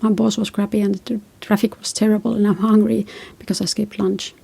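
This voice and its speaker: Husky, gravelly woman giving gentle advice. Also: medium pitch, level tone, a little fast. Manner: reflective, tells personal stories. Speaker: relationship advice host. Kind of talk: casual advice talk.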